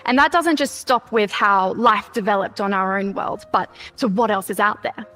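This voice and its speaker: A woman giving a scripted public talk in a measured, earnest delivery. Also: mid-range voice, sharp tone, faint music behind. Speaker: speaker at a conference talk.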